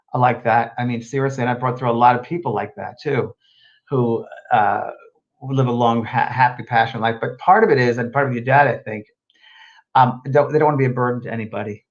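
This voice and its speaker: A man speaking at a middle pitch, gentle and reassuring as he rambles through answers to viewers. The sound is dull and lo-fi, like a home stream. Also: brisk. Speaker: host and medium. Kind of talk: casual live show answering viewer questions.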